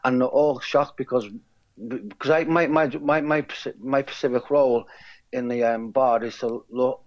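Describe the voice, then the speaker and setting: A man's voice: medium pitch, steady tone, normal speed. Rambling man, muffled audio. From England. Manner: rambling, with many repeated words and restarts. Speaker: guest, character lookalike. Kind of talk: casual interview chat. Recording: dull lo-fi sound.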